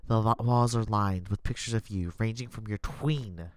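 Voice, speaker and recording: A streamer reading out a story game's narration, slowing down for suspense. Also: mid-range voice, dry recording. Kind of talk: dramatic story-game narration.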